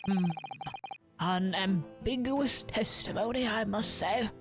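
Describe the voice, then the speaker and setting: A stern old judge presiding over a game courtroom, read by a woman in a slow, measured and formal tone. The delivery stays even and official. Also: medium pitch, music in the background, natural voice. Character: stern elderly male judge.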